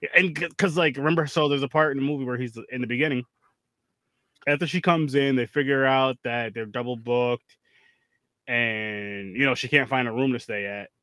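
A man's voice: mid-range voice, fairly quick, sharp tone, dry recording. Rambling, profane man in dry close-up. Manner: rambling, profane, lots of restarts and fillers. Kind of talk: casual movie recap chat.

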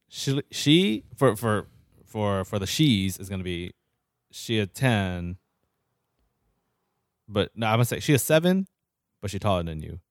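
A giggly young man co-hosting a casual podcast, his voice low but swinging lively up and down. He rambles through filler words in a dry, close room. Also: clear, resonant tone, no echo. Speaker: podcast co-host. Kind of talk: casual chat.

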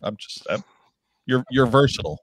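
A man's voice: mid-range voice, animated, no room sound. Guy hosting a live stream, jokey, stumbles over words, dry sound. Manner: joking, halting restarts. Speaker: host. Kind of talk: casual live-stream chat.

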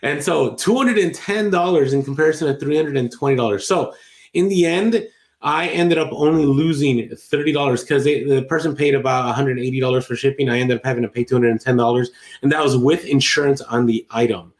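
A man's voice: medium pitch, brisk. Chatty man in an echoey room. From Latin America. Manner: rambling, self-correcting, chatty. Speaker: podcast co-host. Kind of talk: casual chat about online selling.

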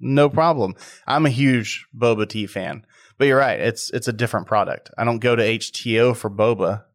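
A man's voice: medium pitch, moderate pace, no room sound, clean studio sound. A man hosting a podcast interview, chatty and enthusiastic as he talks about marketing. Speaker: podcast host.

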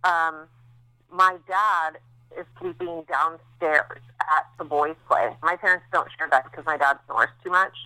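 Woman, 30s, podcast co-host, new mom; bright, chatty, candid, lots of fillers; dry close sound. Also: low voice, fairly even intonation, measured pace, clear, resonant tone, no echo, rough recording. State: recovering after recent childbirth. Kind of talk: casual chat.

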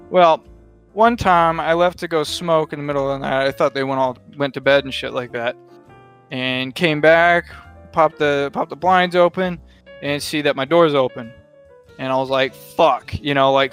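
A man's voice: medium pitch, fairly bright tone, clear, resonant tone. A young man on a podcast, telling rambling stories with lots of swearing and laughing. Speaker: podcast co-host. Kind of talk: casual storytelling chat.

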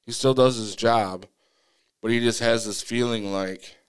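A man's voice: measured pace, clear, resonant tone. A man on a podcast telling a personal story in casual, earnest talk, acting out his own side of the exchange. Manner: animated retelling, acting out his own pleas in a higher voice; earnest, many restarts and fillers. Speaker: podcast co-host.

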